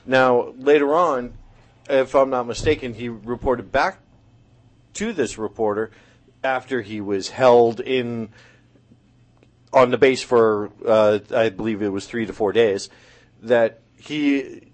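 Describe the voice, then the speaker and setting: A man making his points in a debate, pressing hard and cutting in on his opponent. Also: mid-range voice. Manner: pushy, interrupting. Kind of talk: casual debate.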